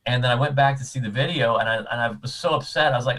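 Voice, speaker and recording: A man chatting casually as a convention guest, telling animated anecdotes with frequent restarts. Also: medium pitch, fast talker, hardly any pauses, poor audio. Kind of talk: casual storytelling chat.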